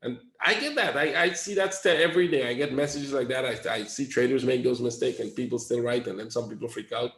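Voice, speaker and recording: A man of middle pitch leads a trading webinar, talking loosely and tossing out rhetorical questions to his listeners. Now and then he acts out a panicking trader. His voice rings in a roomy, echoey space. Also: brisk, few pauses, a bit bright. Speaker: trading instructor. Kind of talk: webinar lesson.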